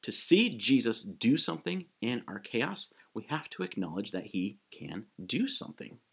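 A man preaching a sermon in a casual, animated way, acting out quick quotes as he goes. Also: mid-range voice, creaky, husky. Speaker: pastor.

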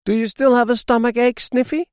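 A man voicing an anxious young male dog in a children's storybook, asking quick, worried questions. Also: very high-pitched, steady tone, clean tone, no room sound, clean studio sound, pitched above the performer's own voice.

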